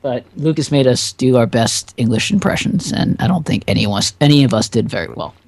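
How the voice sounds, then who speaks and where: Fast-talking gravelly man, podcast chat. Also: medium pitch, expressive, darkish tone, no echo. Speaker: podcast co-host. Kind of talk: casual chat.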